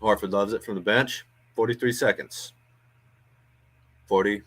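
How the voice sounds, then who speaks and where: A man with a lowish voice calls a basketball game in casual play-by-play for a home stream. He thinks aloud as he goes, chatty and loose, with plenty of ums and uhs between plays. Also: fairly even intonation, a little slow, fairly bright tone, breathy edge. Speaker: watch-along host doing play-by-play. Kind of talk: casual live play-by-play commentary. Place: home watch-along stream.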